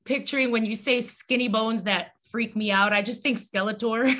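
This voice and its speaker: Bright laughing woman co-host. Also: a little high, fairly even intonation, moderate pace. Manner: bright, laughing, explains segments to listeners. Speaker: podcast co-host presenting a segment. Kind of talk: casual panel chat.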